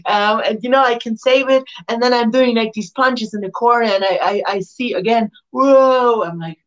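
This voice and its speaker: Excitable woman wrestler telling stories. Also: brisk, dull audio. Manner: excitable, acts out quotes with big jumps in pitch. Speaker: wrestler, interview guest. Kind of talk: animated storytelling in an interview.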